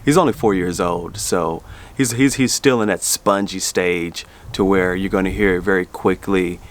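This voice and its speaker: Middle-aged man with a lowish voice, loose rambling delivery, family vlogger talking to camera. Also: normal speed. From Southern US. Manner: rambling, with many restarts and fillers. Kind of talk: casual chat to camera.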